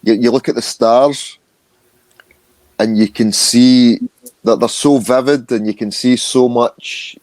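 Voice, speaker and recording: A man's voice: mid-range voice, fairly even intonation, slow, a little mellow, no room sound. A man from the United Kingdom speaking earnestly in casual chat on a video call, with stammering restarts.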